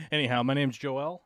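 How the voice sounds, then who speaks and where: A man's voice: mid-range voice, fairly bright tone, no room sound, clean studio sound. A man hosting his own long-format podcast, opening with playful, rambling banter and joking asides. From United States. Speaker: podcast host. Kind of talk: goofy live-stream opening banter.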